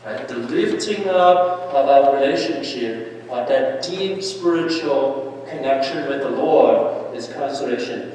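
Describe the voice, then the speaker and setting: A man's voice: medium pitch, a little slow, recorded from a distance, a little hiss or hum. Man preaching in an echoey church. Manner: animated, anecdotal, with asides and laughter. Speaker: priest leading a Lenten mission. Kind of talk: sermon. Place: large church.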